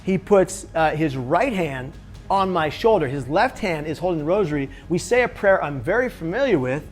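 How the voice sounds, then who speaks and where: Animated man telling a personal story. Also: fairly high pitch, moderate pace, faint music behind. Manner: animated, acts out other people's lines in the story. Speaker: suicide prevention speaker.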